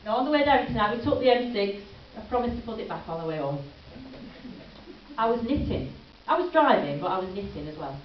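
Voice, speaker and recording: A woman's voice: medium pitch, big pitch swings, brisk, a little hiss or hum. A woman performing a chatty stand-up comedy routine, teasing the audience as she goes. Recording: lo-fi camcorder from a distance in an echoey hall.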